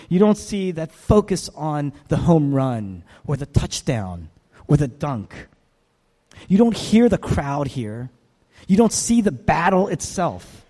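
Casting: male pastor, animated and emphatic delivery, fairly high voice, long hall reverb. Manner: emphatic, repeats phrases, asks rhetorical questions. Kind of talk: sermon.

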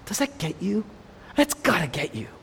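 A man preaching a sermon, swinging between loud exclamations and hushed whispers, asking his listeners rhetorical questions. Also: high voice, sing-song, normal speed, slightly rough. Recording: long hall reverb.

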